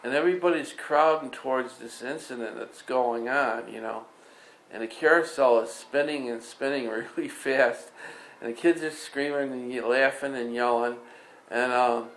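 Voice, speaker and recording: A man's voice: mid-range voice, fairly even intonation, normal speed, a bit bright. A man telling an improvised story, rambling casually with many fillers and restarts. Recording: echoey room with faint ambience.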